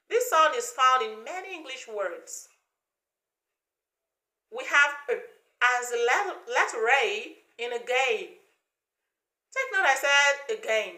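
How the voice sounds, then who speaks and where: Slow, bright-voiced woman teaching vowel sounds. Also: on the high side, animated, reverberant. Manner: slow, deliberate, repeats sounds for learners to copy. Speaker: pronunciation teacher. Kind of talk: English pronunciation lesson.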